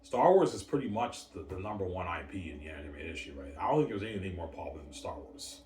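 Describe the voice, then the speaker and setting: A man's voice: sits low, lively intonation, fast talker, a little mellow, slight background noise. A man hosting a casual solo livestream, boasting over and over and calling out to his viewers. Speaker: livestream host. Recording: roomy, distant mic.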